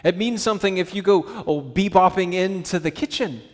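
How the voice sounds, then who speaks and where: Animated preaching man, church reverb. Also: sits high, a little fast. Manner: animated, conversational preaching with acted-out quotes. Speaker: pastor. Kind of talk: sermon. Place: church sanctuary. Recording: church hall with long reverb.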